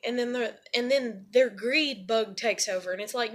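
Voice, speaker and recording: A woman's voice: on the high side, moderate pace, hardly any pauses, a bit bright. A young woman and single mother venting in a rambling, profane personal monologue.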